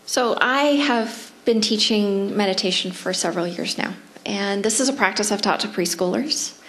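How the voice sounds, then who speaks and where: A middle-aged woman with a Canadian accent, a psychology professor giving a seminar talk, animated and playful, slowing to gentle guided breathing. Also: medium pitch. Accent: Canadian English. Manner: lively, animated, acts out her inner voice; slows to soft, near-whispered guidance during breathing practice.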